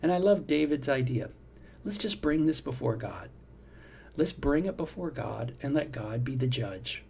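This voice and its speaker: A middle-aged man talks through a Bible passage in a relaxed, conversational way, checking in with listeners as he goes. His voice is dark and mellow. A faint hum of ambience sits behind him. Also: medium pitch, normal speed, creaky. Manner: conversational, reflective, frequent "you know" and "right?". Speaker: devotional host. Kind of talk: devotional Bible teaching.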